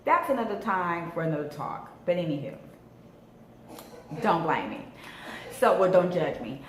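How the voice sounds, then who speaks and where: A woman's voice: lowish voice, very animated, moderate pace. A woman in her thirties from Southern California, telling a dramatic storytime vlog with slang and swearing. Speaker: vlogger. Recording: echoey room with faint noise.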